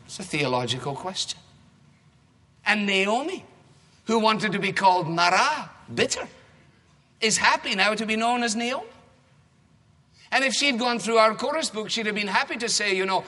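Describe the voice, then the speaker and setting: A man's voice: high-pitched, expressive, normal speed, pauses often, pushed and bright. A male preacher giving a sermon and reading a rhyming children's story aloud with playful rhythm. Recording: echoey hall reverb.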